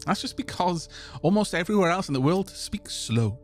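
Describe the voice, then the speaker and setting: A man's voice: high voice, expressive, unhurried, soft background music. A man from Wales with a South Welsh accent, chatting casually with stream viewers during a late-night let's play, rambling and restarting his sentences. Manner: rambling, chatty, frequent restarts and self-corrections.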